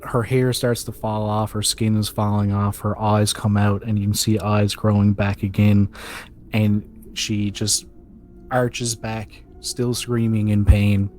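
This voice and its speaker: A man narrating a tabletop game as game master, slow and vivid in his descriptions. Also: lowish voice, little pitch movement, darkish tone, faint music behind.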